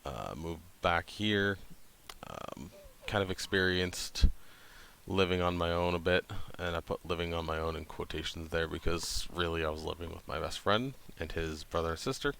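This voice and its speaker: A man in his thirties with a deep, gravelly voice, speaking in a flat monotone and pausing often with hesitant ums. He talks casually to the camera over a faint hiss of background noise. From New Hampshire, USA. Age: 30s. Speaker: channel host.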